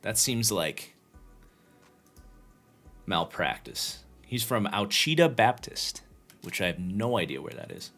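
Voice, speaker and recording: A man's voice: lowish voice, big pitch swings, takes it slowly, pauses often, a bit bright, faint music behind. A tired man hosting a livestream, casually breaking down football game film and thinking aloud with frequent restarts. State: tired, yawning. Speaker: host and football draft analyst.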